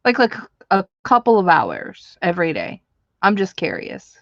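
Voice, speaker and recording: A woman's voice: lowish voice, huge pitch swings, normal speed, gravelly, no echo, lo-fi sound. A woman hosting a live stream, chatting casually with viewers while she crafts, laughing often.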